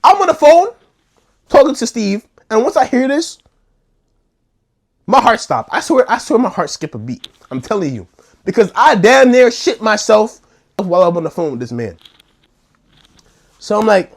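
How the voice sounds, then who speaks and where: Animated young New storyteller man. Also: sits high, moderate pace, gravelly, pauses often. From New York. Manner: animated, slangy, acts out scenes. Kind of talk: storytime vlog.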